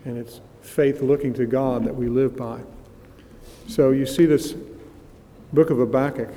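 A man's voice: mid-range voice, steady tone, dark tone, slight background noise. Man preaching in a reverberant hall. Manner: reads scripture aloud with rising emphasis, slows on key phrases. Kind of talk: expository Bible teaching.

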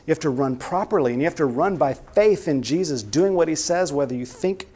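A man's voice: a little high, animated, brisk, hardly any pauses, dark tone, breathy edge. Earnest male preacher exhorting a congregation. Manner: earnest, exhorting, rhetorical questions. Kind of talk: sermon.

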